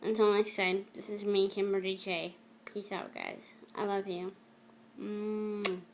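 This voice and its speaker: A woman speaks to her camera in a personal confessional vlog, earnest and heartfelt. She sounds moved, close to tears, and sometimes pauses or restarts as she finds her words. Her pitch sits mid-range for a woman. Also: sing-song, slight background noise. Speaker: vlogger.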